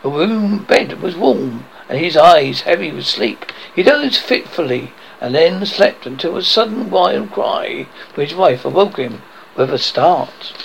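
A man hosting a horror show, reading a spooky tale dramatically, with halting slips now and then. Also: fairly high pitch, very animated, gravelly, a little hiss or hum, rough recording. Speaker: horror host.

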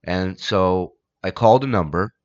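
A male stand-up comedian, a podcast guest, telling an animated, profane anecdote. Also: low-pitched, moderate pace, lo-fi sound. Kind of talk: casual storytelling.

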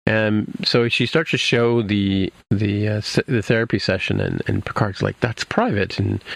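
A man's voice: fairly low pitch, steady tone, normal speed, gravelly, no room sound. A man casually recapping an episode for his podcast co-hosts, rambling with many fillers and restarts. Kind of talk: casual chat.

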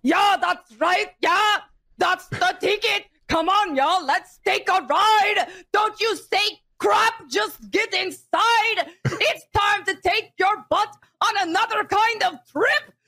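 A woman rapping a party song in a put-on German accent, shouting it out playfully. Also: extremely high pitch, slow pace, exaggerated voice.

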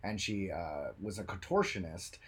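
A man co-hosting a podcast in casual chat, animated and jokey, who talks about his own film work. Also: low-pitched, normal speed, husky. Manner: animated, jokey, bursts into silly voices. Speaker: podcast co-host.

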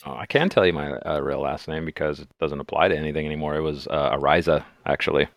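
Very deep gravelly man guest. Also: fairly even intonation, fast talker, no room sound, studio quality. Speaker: podcast guest. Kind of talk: casual chat.

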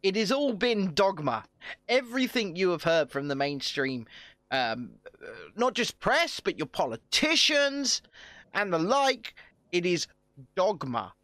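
A man's voice: sits high, very animated, measured pace, fairly bright tone, dry recording. A man on a video call, chatting casually and ranting with heavy swearing. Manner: profane, ranting, grows heated and emphatic. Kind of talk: casual online chat.

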